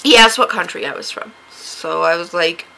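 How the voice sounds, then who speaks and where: A woman from the United States telling a story to camera in a casual vlog. She is sarcastic, laughs often and jumps to a high, shrill voice when she acts out her own replies. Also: moderate pace, gravelly, sharp tone, poor audio. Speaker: vlogger.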